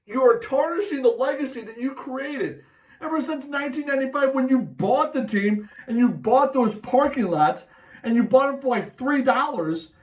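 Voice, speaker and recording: Man, middle-aged, fan-rant host: very high voice, animated, third person, distant dull recording. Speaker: podcast host ranting as a sports fan. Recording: distant mic, dull lo-fi sound.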